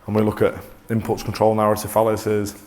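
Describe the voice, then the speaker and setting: A man presenting a motivational talk to a live audience, energetic and coaxing, often restarting mid-sentence. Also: lowish voice, fast. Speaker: corporate presenter.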